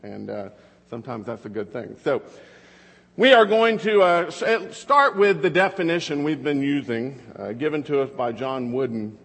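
A man's voice: medium pitch, lively intonation, moderate pace, vocal fry, fairly bright tone, husky, big-room sound. A man in his thirties preaching a conversational sermon, telling family stories and asking rhetorical questions. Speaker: pastor.

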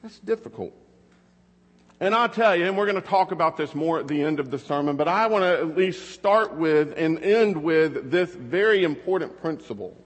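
A man's voice: a little high, expressive, normal speed, long reverb tail. A man in his thirties preaching a conversational sermon, telling family stories and asking rhetorical questions. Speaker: pastor.

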